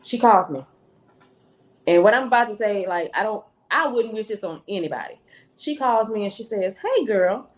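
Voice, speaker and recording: Woman telling a story, animated. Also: medium pitch, normal speed. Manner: animated storyteller acting out quoted dialogue. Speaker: podcast guest. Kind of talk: storytelling, casual chat.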